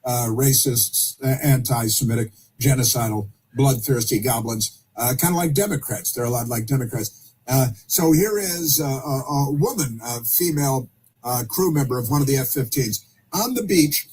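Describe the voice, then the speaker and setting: A man hosting opinionated talk radio, speaking haltingly with many fillers and restarts and dropping sarcastic asides. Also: medium pitch, a little mellow, slightly rough.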